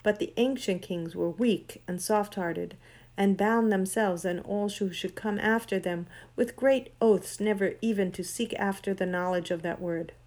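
A woman's voice: medium pitch, measured pace, a little mellow, close to an everyday voice. A woman voicing Queen Jadis, an imperious sorceress queen. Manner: grand, cold, commanding. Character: proud ancient female sorceress queen, imperious. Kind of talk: storybook reading.

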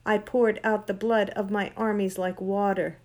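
A woman's voice: medium pitch, little pitch movement, measured pace, a little mellow, close to an everyday voice. A woman reading a storybook aloud and voicing a proud ancient sorceress queen who speaks in a grand, cold, commanding way. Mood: imperious.

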